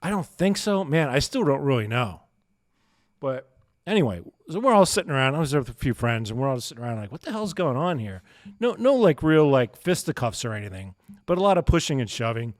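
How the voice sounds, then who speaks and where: A man's voice: mid-range voice, very animated, a little fast, dry recording, studio quality. A man co-hosting a podcast, telling a story in casual chat with many fillers and frequent laughs. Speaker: podcast co-host.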